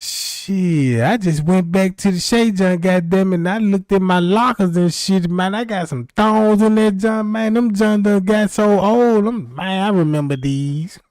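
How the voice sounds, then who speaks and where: A man's voice: high voice, measured pace, few pauses, darkish tone, dry recording, studio quality. A man hosting a livestream, telling loose, profane, rambling stories and often checking in with his listeners. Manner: loose, profane, rambling, keeps asking "you know what I'm talking about". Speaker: livestream host. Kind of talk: rambling comedic storytelling on a livestream.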